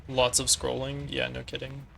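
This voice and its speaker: A man's voice: mid-range voice, completely flat delivery, normal speed, gravelly, fairly bright tone, slight background noise. A man streaming a strategy game, talking through his tactics and chatting with viewers as he plays. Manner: analytical, talks through tactics while playing; chats with viewers between moves. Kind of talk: casual gameplay commentary.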